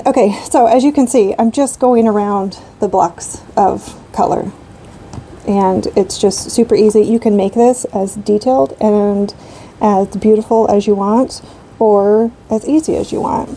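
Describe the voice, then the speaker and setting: Woman in her 30s rambling about coloring, gravelly warm voice, faint hum behind. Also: mid-range voice, poor audio. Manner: rambling, chatty, many fillers. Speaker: coloring channel host. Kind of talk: casual chat while coloring.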